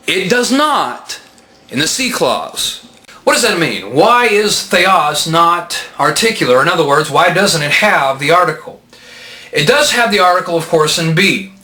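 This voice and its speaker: A man's voice: high-pitched, pushed and bright. Methodical male Bible teacher, echoey room. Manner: methodical, patient, explains step by step with rhetorical questions. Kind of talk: explanatory lecture.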